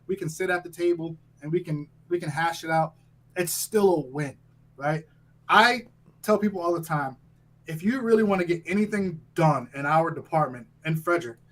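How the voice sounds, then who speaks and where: A man's voice: fairly high pitch, a bit bright, rough recording. A man who trains firefighters, talking in a casual podcast interview in a direct, emphatic way, often checking in with "right?". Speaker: fire training instructor, guest.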